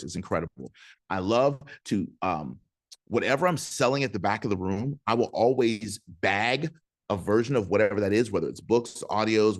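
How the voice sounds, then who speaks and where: A man with a lowish voice coaches speakers over a video call, punchy and energetic. He keeps checking in with his listeners and pulls them into call and response. The sound is dry and close, with no room around it. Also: dry recording. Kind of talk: motivational teaching talk on a video call.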